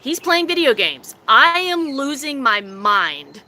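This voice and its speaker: A young woman streamer telling a story casually and with animation, often giggling and acting out her own quotes in a silly high voice. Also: big pitch swings, slow pace, bright, forceful tone, slight background noise. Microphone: phone.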